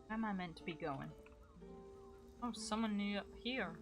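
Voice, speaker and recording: A woman's voice: mid-range voice, moderate pace, long pauses, soft background music. A young woman casually commenting while she plays a video game, self-deprecating and chatty, swearing now and then. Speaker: gaming streamer. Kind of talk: casual let's-play commentary.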